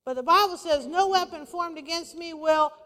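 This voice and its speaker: A woman pastor preaching a sermon, lively and conversational, with playful asides to the congregation. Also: extremely high pitch, moderate pace. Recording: long hall reverb.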